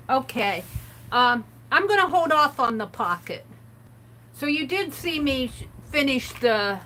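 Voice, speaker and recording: A woman's voice: high voice, a bit bright, a little hiss or hum, rough recording. A woman hosting a casual art livestream, chatting and reading quotes aloud with amused comments. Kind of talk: casual craft livestream chat.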